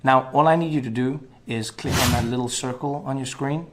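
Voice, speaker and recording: A man reading a playful outro, asking viewers to click, in a hushed, teasing way. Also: mid-range voice, fairly quick, hardly any pauses. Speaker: channel outro voice-over. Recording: voice over faint music.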